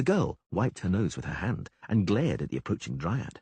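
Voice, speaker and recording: Husky man narrating an audiobook. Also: sits low, moderate pace, few pauses, dry recording. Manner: expressive storytelling.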